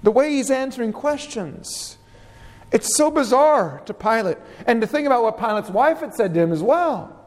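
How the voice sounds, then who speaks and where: Male pastor, high voice, emphatic verse-by-verse preaching, long hall reverb. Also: animated, normal speed, darkish tone. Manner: reads scripture verses aloud and explains them, emphatic. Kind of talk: expository sermon.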